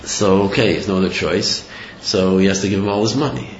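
A man teaching a religious lesson, telling a story in an animated, digressive way with many fillers. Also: deep voice, a little fast, a little hiss or hum. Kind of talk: sermon with storytelling. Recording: roomy, slightly dull recording.

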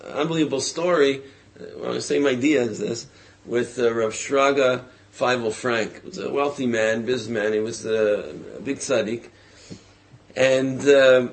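A man teaching a religious class through a story, animated and acting out voices, with frequent fillers. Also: medium pitch.

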